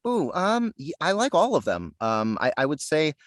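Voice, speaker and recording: A man, a voice actor, chatting casually in an interview, self-deprecating and quick to laugh. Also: a little high, very animated, no room sound, clean studio sound. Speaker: voice actor guest.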